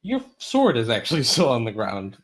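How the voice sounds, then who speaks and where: A man's voice: medium pitch, huge pitch swings. A man running a tabletop game as game master, talking casually with lots of fillers and restarts. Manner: halting, filler-heavy, casual.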